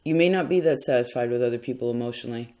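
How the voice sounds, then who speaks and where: A man's voice: mid-range voice, very fast, dark tone. A man giving a casual tarot reading in a rambling, chatty way, often stopping himself mid-thought. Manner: rambling, chatty, self-interrupting. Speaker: tarot reader.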